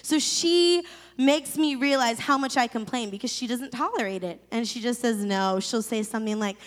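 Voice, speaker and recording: A young woman preaches with animated storytelling, her fairly high voice carrying a long reverb through the hall. She swings between quiet asides and acted-out outbursts. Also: moderate pace. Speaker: pastor. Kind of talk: sermon.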